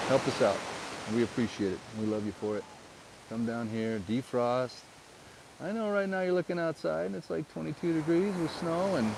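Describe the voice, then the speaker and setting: A man in his forties, a real estate agent, chatting casually with live viewers outdoors and jumping into high squeals of excitement now and then. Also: noisy background. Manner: laid-back and playful, bursting into high squeals of excitement. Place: outdoors on the island, riding a golf cart near the surf.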